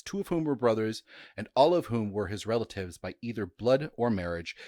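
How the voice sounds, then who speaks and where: A man's voice: mid-range voice, no room sound, clean studio sound. A man hosting a casual history podcast, chatty and jokey, with frequent fillers and stumbles over names. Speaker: podcast host.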